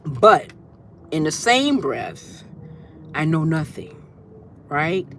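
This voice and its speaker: A woman's voice: sits low, sing-song, very slow, soft background music. A woman hosting a casual spiritual livestream, talking loosely and greeting her viewers by name as she goes. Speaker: livestream host.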